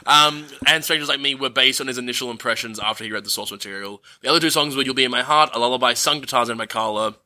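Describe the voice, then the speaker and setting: A man co-hosting a podcast in casual chat, playful and quick to laugh as he reads out facts and reviews. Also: mid-range voice, bright, forceful tone, a little hiss or hum. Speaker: podcast co-host.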